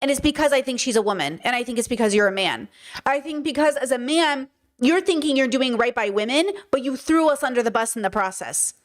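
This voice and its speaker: Blunt, high-voiced woman host. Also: expressive, a little fast. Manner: blunt, profane, heated. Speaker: podcast host reacting to clips. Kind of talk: casual commentary.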